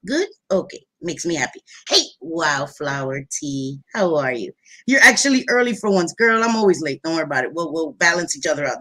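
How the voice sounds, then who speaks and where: A loud, chatty woman hosting a casual livestream. She greets viewers one by one with affectionate pet names, in a voice of ordinary, mid-range pitch. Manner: loud, animated voice. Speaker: livestream host.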